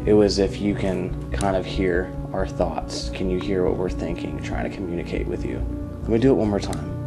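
A man's voice: low voice, vocal fry, over loud music. A man on a nighttime ghost hunt in an old hospital, talking earnestly and getting emotional with his partner. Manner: emotional, earnest, quick to believe. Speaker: paranormal investigator. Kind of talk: casual ghost-hunting vlog.

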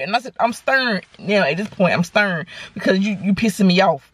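A woman, telling a story to her viewers in a casual, animated, sassy way from inside a car. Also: medium pitch, fairly quick, few pauses, breathy edge. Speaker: vlogger. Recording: car noise behind the voice. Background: car and road noise.

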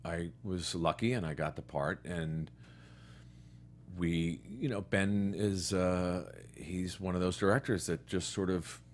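A man's voice: sits low, takes it slowly, slight background noise. A man from New York and Connecticut, a guest actor telling stories in a casual interview chat. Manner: relaxed storyteller, quoting others in his own voice.

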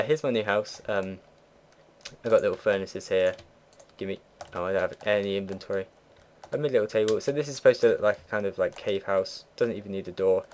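A man's voice: fairly low pitch, slight background noise. A teenage boy casually commentating his own gameplay, rambling and chatty, swearing offhand, at a home computer. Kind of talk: casual let's play commentary.

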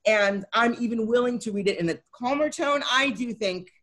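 A woman's voice: fairly high pitch, moderate pace, a bit bright. A woman teaching a Talmud study session, explaining each line and often checking in with her listeners. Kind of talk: co-taught text study session.

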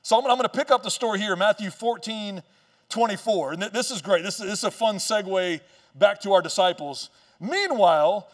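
A man preaching a sermon as pastor, telling a Bible story in a casual, joking way with quick asides. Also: high-pitched, far from the mic. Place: church stage.

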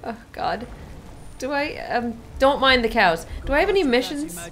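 High, lively, laughing woman streamer. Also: normal speed. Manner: playful, exclamatory, laughing. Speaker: gaming streamer. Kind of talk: live game commentary.

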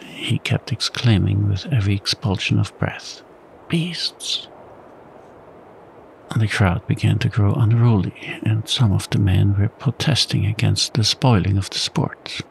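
A man narrating an audiobook as whispered role-play, soft-spoken and calm. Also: fairly low pitch, measured pace, gravelly, a little hiss or hum, rough recording.

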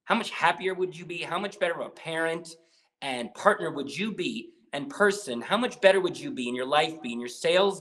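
A man as a guest on an interview podcast, talking in an animated, persuasive way and asking rhetorical questions. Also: on the high side. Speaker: guest, program founder.

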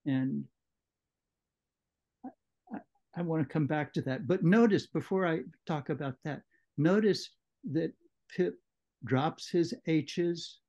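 A man leading a book club discussion, explaining a novel in a measured lecturing way, on muffled audio. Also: a little high, darkish tone. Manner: measured, explanatory, with occasional restarts. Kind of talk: literary lecture.

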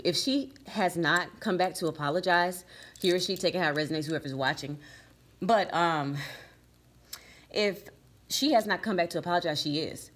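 A woman reading tarot cards for her viewers, emphatic and repeating "okay?" and "right?" as she goes. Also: fairly low pitch. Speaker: tarot reader.

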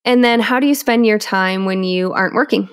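A woman's voice: medium pitch, brisk, clean tone, no echo, studio quality. A woman hosting a podcast interview, asking questions in a friendly, encouraging way. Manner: encouraging, frequent affirmations. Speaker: podcast host. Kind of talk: casual interview chat.

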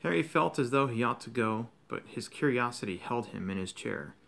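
A man reading a novel aloud to his children in a steady, even narrating voice. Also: medium pitch, normal speed, creaky.

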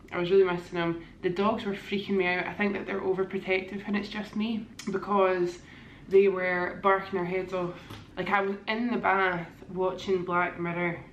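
A woman's voice: lowish voice, highs cut off, a little hiss or hum. A woman with a Scottish accent, chatting enthusiastically to a handheld camera in a hotel room. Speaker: vlogger. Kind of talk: casual vlog chat. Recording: echoey room.

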